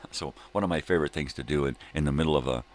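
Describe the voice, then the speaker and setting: A man's voice: very deep voice, fast talker. An older man hosting a casual livestream chat, rambling and laid-back, laughing often, hungover. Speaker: livestream host.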